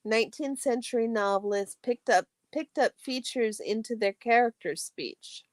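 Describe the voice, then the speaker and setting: A woman hosting a study stream, reading a textbook aloud in a steady, measured way, her phrase ends trailing off into a soft whisper. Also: a little high, no room sound.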